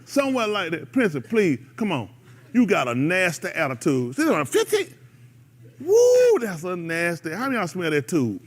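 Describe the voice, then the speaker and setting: A man with a high-sitting voice talks at normal speed, hosting a radio show where he preaches casually to a group. He exhorts with animated energy, bursting into laughter and mimicry.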